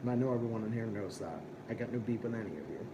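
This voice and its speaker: A man's voice: fairly low pitch, rapid-fire, warm tone, muffled recording, slight background noise. A young man hosting a live stream, ranting and swearing as he chats with viewers. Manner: profane, ranting, combative. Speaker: livestream host. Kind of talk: casual live-stream chat.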